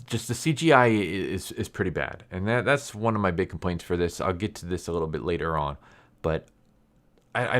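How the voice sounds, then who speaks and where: Male reviewer, deep voice, loose rambling recap style. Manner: rambling retelling with fillers and quoted dialogue. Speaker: video reviewer. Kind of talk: casual recap commentary.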